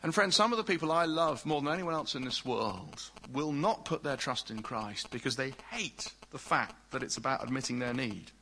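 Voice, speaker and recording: A male preacher delivering a sermon with earnest conviction. His voice is bright and forward with a husky edge, and he often sinks into quiet, hushed phrases. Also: mid-range voice, animated, normal speed, hardly any pauses, poor audio. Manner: earnest, drops to soft hushed tones for tender lines.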